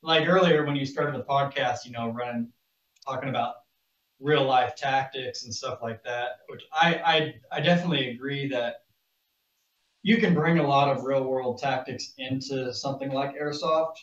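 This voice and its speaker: A man speaking as a guest on a casual podcast, halting and hesitant with many fillers. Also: mid-range voice. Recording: roomy, distant, dull mic.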